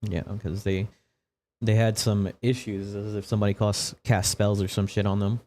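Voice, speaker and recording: A man's voice: lowish voice, little pitch movement, normal speed, darkish tone. A man narrating as game master of a tabletop game, casual and profane with a rambling delivery.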